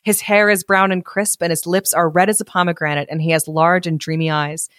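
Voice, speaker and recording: A woman's voice: lowish voice, fairly even intonation, brisk, fairly bright tone, no echo. Woman reading a story aloud, dry sound. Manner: breaks off reading for joking commentary. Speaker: podcast host reading a story. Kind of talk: storybook reading with casual chat asides.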